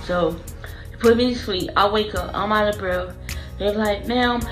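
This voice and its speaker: A woman's voice: medium pitch, fairly even intonation, moderate pace, over music, rough recording. A woman vlogger telling her own story in an earnest, emotional way, going back over phrases as she remembers. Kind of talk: personal storytelling to camera.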